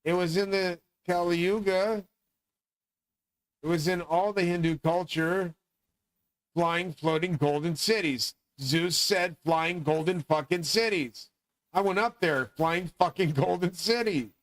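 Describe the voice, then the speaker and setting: Middle-aged male host, grandiose profane rambler; slightly high voice, dry close mic. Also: measured pace, no room sound, poor audio. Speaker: channel host. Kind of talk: rambling monologue.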